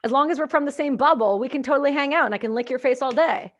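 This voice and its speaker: A woman from Canada hosting a podcast, telling stories in an animated way and acting out what people said. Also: high voice, very fast. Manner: animated storyteller, acts out quotes, swings loud. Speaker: podcast host. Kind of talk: casual podcast chat.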